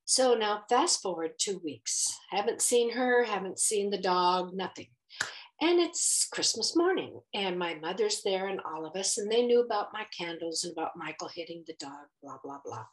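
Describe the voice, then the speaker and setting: Woman, middle-aged, storyteller for children, animated, expressive, medium pitch. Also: normal speed, low-quality recording. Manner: animated, expressive, acts out voices. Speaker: children's story time host.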